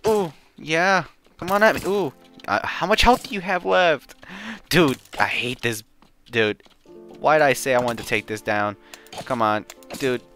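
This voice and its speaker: A man giving casual gameplay commentary, excitable and slangy, swinging from muttering to yelling. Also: medium pitch, unhurried, faint music behind. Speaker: gaming channel host.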